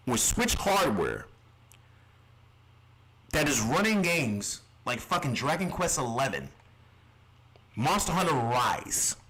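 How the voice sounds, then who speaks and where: A man's voice: a little high, a bit bright, low-quality recording. A man streaming live reactions, ranting in an exasperated, heavily profane way.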